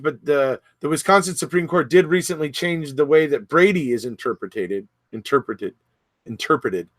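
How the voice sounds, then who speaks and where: Brief: male livestream host, mid pitch, dry close mic, loose and chatty with comments. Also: lively intonation, normal speed, no room sound. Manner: chatty, reads comments aloud and answers, frequent restarts and fillers. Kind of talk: casual livestream chat.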